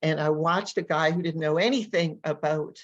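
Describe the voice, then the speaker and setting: A woman language coach and educator, telling stories in an animated, energetic way during a casual interview. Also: low voice, normal speed, dull audio. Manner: animated, energetic storyteller who acts out voices.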